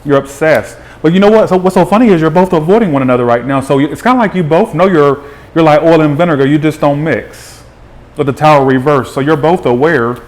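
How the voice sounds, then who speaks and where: A man hosting a live tarot reading, chatty and animated, greeting viewers by name as he talks. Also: on the high side, quick pace. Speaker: tarot reader.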